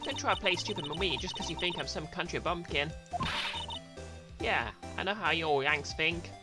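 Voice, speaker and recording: A woman voicing a brash, loud country woman photographer in a game read-along, putting on a northern English accent with a scolding, folksy drawl. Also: lowish voice, moderate pace, music in the background, pitched above the performer's own voice, close to an everyday voice. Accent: northern English put-on.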